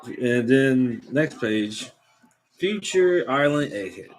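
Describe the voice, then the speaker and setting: A young man casually recapping a manga chapter, excitable and slangy, reading out the characters' lines as he goes. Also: fairly low pitch, measured pace, rough recording.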